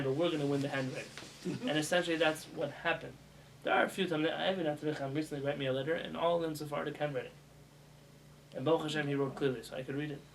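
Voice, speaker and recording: Brief: male rabbi teaching a class, lively, quizzes the room, bright tone, faint background noise. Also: a little high, gravelly, poor audio. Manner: animated, demonstrates pronunciations with raised voice; asks students questions as he teaches. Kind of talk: casual spoken lesson. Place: classroom with students.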